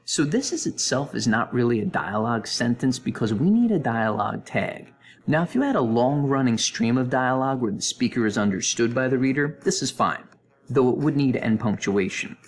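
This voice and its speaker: A male English teacher giving a recorded grammar review lesson in an animated voice, with playful asides to students. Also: medium pitch, moderate pace.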